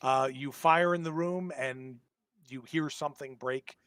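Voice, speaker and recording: A man's voice: mid-range voice, steady tone, fairly bright tone, smooth, dry recording. A man narrates a tabletop horror game as its game master. He sits right on a dry, close mic and stumbles through his descriptions with frequent ums and restarts. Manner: halting, lots of ums and restarts.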